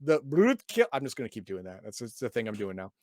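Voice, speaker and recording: A man's voice: fairly low pitch, racing, dry recording, clean studio sound. A man hosting a casual chat, reading passages from a game book aloud and adding sarcastic asides, often stumbling and repeating words. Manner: sarcastic, reads passages then adds wry asides. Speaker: podcast host reviewing a game book.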